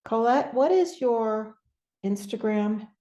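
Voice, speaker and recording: Warm-voiced woman host, roomy sound. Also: fairly high pitch, lively intonation. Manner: effusive, halting, tearful at times. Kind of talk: emotional interview chat.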